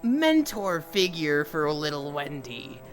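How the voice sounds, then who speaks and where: A woman voicing a smug, theatrical male villain, speaking high and drawn-out in a gloating way. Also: sing-song, soft background music, full character voice.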